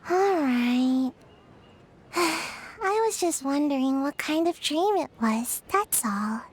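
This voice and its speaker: A woman voicing a small, sleepy young ninja girl in a game, with a drowsy, unhurried way of talking. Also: high voice, expressive. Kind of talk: game voice acting.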